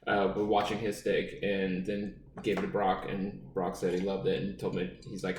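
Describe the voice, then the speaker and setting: A man's voice: on the low side, moderate pace, distant mic. A man co-hosting a casual podcast, rambling and ranting, swearing constantly. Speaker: podcast co-host. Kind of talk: casual profane podcast banter. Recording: echoey room, voice off-mic, faint noise.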